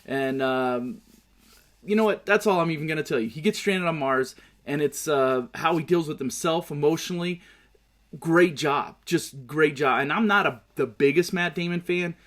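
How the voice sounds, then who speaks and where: A man's voice: on the high side, moderate pace, a bit bright. A man hosting his own show, giving casual sports picks and movie talk, swearing and ranting hotly about his team. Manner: profane, heated ranting. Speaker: show host.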